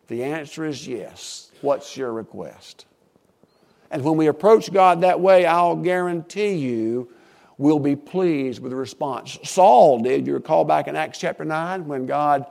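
Gravelly older man preaching. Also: expressive. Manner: emphatic, swings between hushed and booming, drawn-out stressed words. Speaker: pastor. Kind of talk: sermon.

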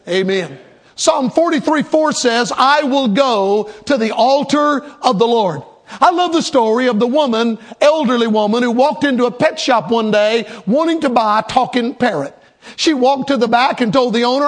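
High-voiced preacher, emphatic. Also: male voice, normal speed. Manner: rhythmic, emphatic preaching with repetition. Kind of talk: sermon.

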